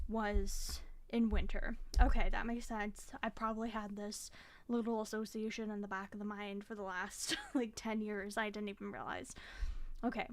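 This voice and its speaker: A young woman vlogging about her reading, chatty and frank, with the occasional curse when she gets frustrated. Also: medium pitch. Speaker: book vlogger. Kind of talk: casual chat.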